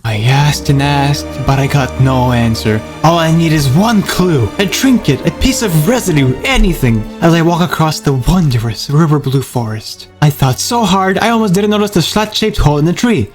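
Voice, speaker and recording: A man's voice: fairly high pitch, expressive, normal speed, hardly any pauses. Theatrical man narrating like a noir detective. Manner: dramatic, over-the-top noir delivery. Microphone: voice-over. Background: music.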